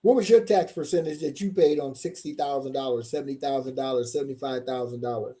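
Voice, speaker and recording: A tax coach gives a motivational seminar talk, emphatic in tone, slowly repeating his key points and firing questions at the audience. His mid-range voice sounds warm, and there's slight background noise.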